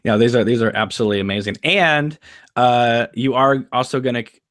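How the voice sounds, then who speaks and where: A man's voice: mid-range voice, fairly quick, fairly bright tone, dry recording. A young man hosts a casual live-stream conversation, talking with eager enthusiasm and frequent laughter. He repeats words as his thoughts catch up. His voice sits in a middle range and sounds dry and close, with no room around it. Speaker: podcast host.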